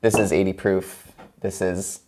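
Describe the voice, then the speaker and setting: A man's voice: low-pitched, flat delivery, measured pace, darkish tone, a little hiss or hum. A man hosting a home cocktail show, chatting playfully as he mixes and tastes drinks and laughing often. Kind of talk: casual cocktail demo.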